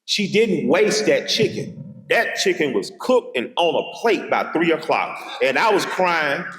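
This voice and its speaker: A man's voice: a little high, big pitch swings, a little slow, fairly bright tone. A middle-aged man with an Atlanta Southern accent, giving a keynote speech at a college with emphatic, rhythmic repetition and vivid personal storytelling. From Atlanta, Georgia. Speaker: keynote speaker. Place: large hall at a college. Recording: echoey hall with long reverb.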